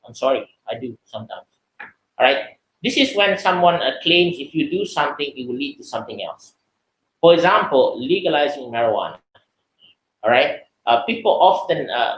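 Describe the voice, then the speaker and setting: A man with a Malaysian English accent giving a webinar lecture, lively and animated, acting out the voices of people he quotes. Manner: lively, acts out quoted voices in high pitch. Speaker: seminar speaker. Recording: echoey room.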